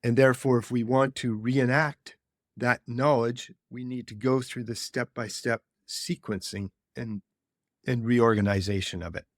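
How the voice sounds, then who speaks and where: Man explaining ideas in a measured way. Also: mid-range voice, dry recording, clean studio sound. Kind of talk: reflective conversation.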